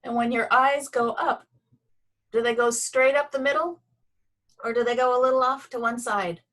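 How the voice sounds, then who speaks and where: Woman, movement teacher, gentle guiding voice, unhurried pauses, video call. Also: a little high, steady tone. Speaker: Feldenkrais movement instructor. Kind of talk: guided movement and voice lesson.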